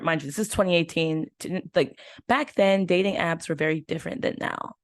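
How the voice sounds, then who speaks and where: A young woman hosts her own podcast, talking through a story in a loose, animated way, full of fillers and quick asides. Her voice sits a little low, and the recording is close and dry, with no room sound. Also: dry recording. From United States. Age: 20s. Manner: animated, chatty storytelling with many fillers and laughs. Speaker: podcast host. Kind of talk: casual chat.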